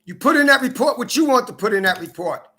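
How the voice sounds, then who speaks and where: A man's voice: extremely high pitch, animated, quick pace, bright, forceful tone. A man from Minnesota delivering an angry, accusing personal rant, profane and repetitive. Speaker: vlogger.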